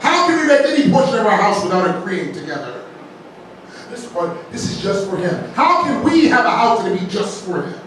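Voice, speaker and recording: A man's voice: sits high, very animated, a little fast, fairly bright tone. A man preaching a folksy sermon as pastor, mixing jokes into the teaching and often asking "right?". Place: large church sanctuary. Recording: very echoey church, distant mic, faint noise.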